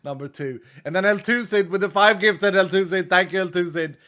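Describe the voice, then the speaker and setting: A male streamer with a brisk, sharp voice reads out donations and thanks viewers one after another in casual livestream chat. A cracked rib keeps him from pushing his voice, so he stays subdued, low-key, and chatty.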